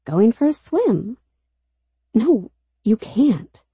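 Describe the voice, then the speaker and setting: A woman's voice: a little high, sing-song, very slow, slightly rough, no room sound, muffled recording, voice pushed up, heavily acted. A woman narrator voicing a reckless teenage girl at a beach party, with a bold, teasing manner. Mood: daring.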